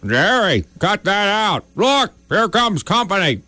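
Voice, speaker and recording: A man's voice: high voice, sing-song, slow, sharp tone, no room sound, heavily acted. A man voicing a dog owner and husband in a cartoon, scolding and impatient. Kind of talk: cartoon voice acting.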